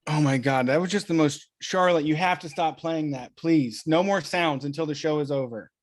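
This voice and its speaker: A man with a notably high voice co-hosting a loose podcast. He rants with plenty of swearing and jumps into quick mock voices to make his point. His talk is fast and excitable. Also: no echo, clean studio sound. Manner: profane, heated rants with lively mock voices. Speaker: co-host. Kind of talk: casual podcast banter.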